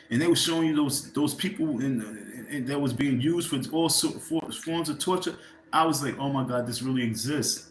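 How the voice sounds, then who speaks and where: This man hosts a livestream in a fairly high-pitched voice, ranting heatedly and profanely in a rambling way. He speaks straight to his viewers and asks them for likes. The sound is reverberant, with a little hiss or hum.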